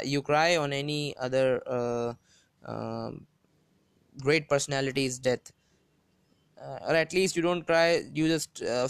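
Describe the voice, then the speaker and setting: A man's voice: medium pitch, creaky, clear, resonant tone, dry recording. A man hosting a solo motivational podcast, talking earnestly and often repeating and rephrasing himself between hesitations. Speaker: podcast host.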